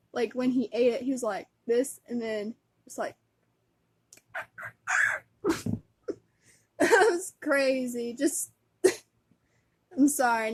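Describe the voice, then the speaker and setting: A woman vlogger chatting casually as a fan, giggly and rambling, with lots of fillers. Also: a little high.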